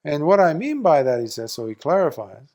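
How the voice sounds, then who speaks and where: Gravelly-voiced monk telling a story. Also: male voice, fairly quick. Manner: animated storyteller, acting out quoted speakers with big jumps in pitch and loudness. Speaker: Buddhist monk teacher. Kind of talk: Dharma talk, storytelling.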